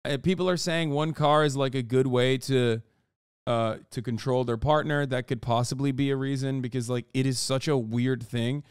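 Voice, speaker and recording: A man with a smooth, resonant voice reads an article aloud and keeps cutting in with profane, disbelieving asides. The sound is dry and close, with no room around it. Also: medium pitch, fairly even intonation, moderate pace, no echo. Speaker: streamer and commentator. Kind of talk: casual reaction commentary, reading an article aloud.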